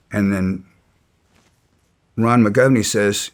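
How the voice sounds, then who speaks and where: A man's voice: on the low side, fairly even intonation, extremely slow, creaky, pauses often. A man as an interview guest, telling stories bluntly and with some resentment, stumbling and restarting his sentences. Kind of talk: casual storytelling.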